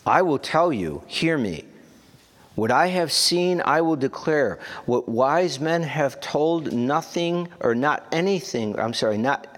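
A man teaching a Bible study, reading scripture aloud and then explaining it in a halting, conversational way. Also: a little high, expressive. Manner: slow, halting, conversational asides.

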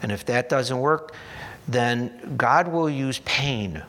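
A man preaching a sermon as pastor, earnest and deliberate, slipping in dry humorous asides. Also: mid-range voice, a bit bright. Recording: long hall reverb.

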